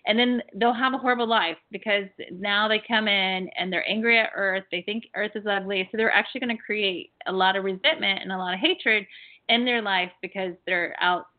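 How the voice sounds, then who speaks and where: A woman hosting a call-in show about past-life healing, telling stories in a chatty, animated way with many fillers. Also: mid-range voice. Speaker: host and past-life healer. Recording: phone-like narrow band.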